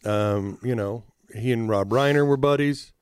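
A man's voice: medium pitch, a little slow, a little mellow, smooth, dry recording, clean studio sound. A man co-hosting a comic book podcast, joking and swearing in loose banter. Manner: joking, profane, does silly voices. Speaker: podcast co-host. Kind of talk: casual banter.

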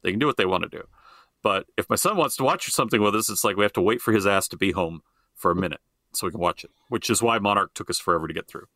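Rambling middle-aged man with a forceful voice. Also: on the low side, quick pace, no room sound, studio quality. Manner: rambling, swears freely, trails off and restarts. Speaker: podcast co-host. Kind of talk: casual chat.

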